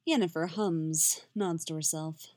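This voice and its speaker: A woman narrating a fan fiction story with expressive storytelling. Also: deep voice, measured pace, dry recording.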